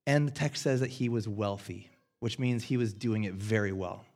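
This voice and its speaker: An American man in his thirties preaching a sermon, earnest and self-deprecating, swinging between loud and hushed. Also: on the low side, moderate pace. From United States. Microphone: headset.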